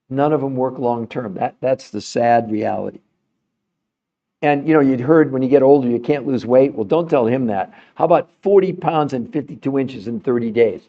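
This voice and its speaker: A man's voice: medium pitch, normal speed, dark tone. Insistent man with a strained voice. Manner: emphatic, insistent, repeats words. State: straining his voice. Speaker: podcast host. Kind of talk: impassioned livestream talk to viewers. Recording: dull lo-fi sound.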